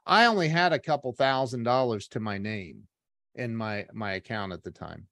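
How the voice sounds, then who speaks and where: A man telling a personal story in a casual, animated way, acting out the voices of the people in it. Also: fairly low pitch, normal speed, no echo, clean studio sound. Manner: animated, acts out quoted voices, many restarts.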